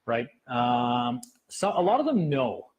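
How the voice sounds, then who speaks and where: A man speaking at a meeting, telling stories in a fast, animated way and acting out what others said. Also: mid-range voice, breathy edge, muffled recording. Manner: fast, animated, acts out quotes. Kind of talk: casual storytelling talk.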